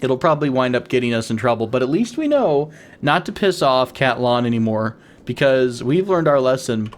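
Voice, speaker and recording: A man's voice: mid-range voice, animated, moderate pace. Giggly man narrating his game. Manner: playful, laughs often, wheezing giggles. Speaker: gaming channel host. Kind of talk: casual game commentary.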